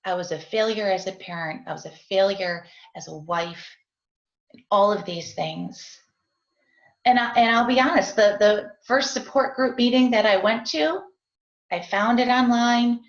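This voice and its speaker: A middle-aged woman, appearing as a guest in an interview, gives a heartfelt personal testimony about being a parent. Her mid-range voice moves at a measured pace, earnest and confessional, and she often checks in with "right?". The video-call audio is dull and the room sounds roomy.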